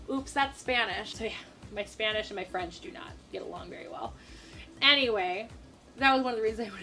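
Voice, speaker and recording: A young woman from Minnesota telling a personal story to the camera in a casual, animated way, with quick asides and acted-out quotes. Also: mid-range voice. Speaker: storytime vlogger.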